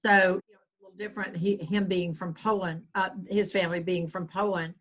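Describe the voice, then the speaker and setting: A woman's voice: lowish voice, steady tone, fast talker. A woman with a Southern US accent, a guest author talking earnestly in a rambling interview, with many restarts. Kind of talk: conversational interview.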